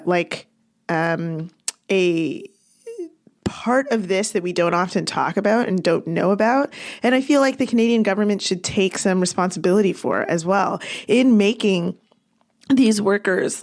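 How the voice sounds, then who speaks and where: Reflective lower-voiced woman co-host. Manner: conversational, many fillers like "like" and "uh", reflective. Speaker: podcast co-host. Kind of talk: casual political chat.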